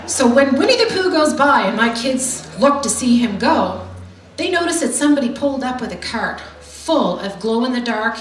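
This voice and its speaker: A middle-aged woman telling a stand-up comedy story in a brash, swearing, punchy way, with audience laughter behind her. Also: on the high side. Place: comedy club stage. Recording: roomy hall mic from far off, noisy.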